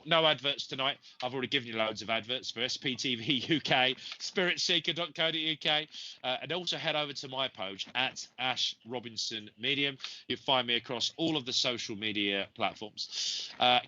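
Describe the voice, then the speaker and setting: Bright-voiced man giving readings. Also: mid-range voice, normal speed, dull audio. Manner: rambling, gentle, many ums and uhs. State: has a cold. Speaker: psychic medium host. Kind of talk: live psychic reading show.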